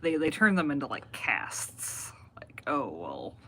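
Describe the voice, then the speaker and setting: A man's voice: fairly high pitch, expressive, unhurried, sharp tone, a little hiss or hum. A man co-hosting a casual podcast, speaking hesitantly with many fillers. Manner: hesitant, lots of "like" fillers, agreeable. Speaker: podcast co-host. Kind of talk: casual political podcast talk.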